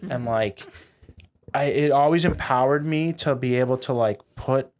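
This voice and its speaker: In a relaxed storytelling interview, a young Boston-born company founder speaks as a guest at a normal speed and medium pitch. He's lively, cursing freely and performing the quotes he recounts.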